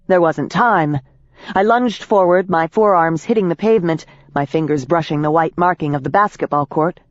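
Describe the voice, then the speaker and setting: A woman's voice: deep voice, dry recording. A woman narrating a first-person urban fantasy audiobook with tense, vivid storytelling. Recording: dry, dull audiobook recording.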